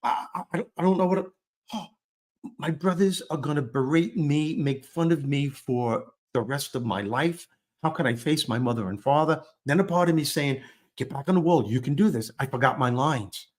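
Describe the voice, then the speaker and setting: A man telling a funny childhood story in a relaxed interview, self-deprecating and animated, acting out the lines he quotes. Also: on the high side, normal speed. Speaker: guest storyteller. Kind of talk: conversational storytelling.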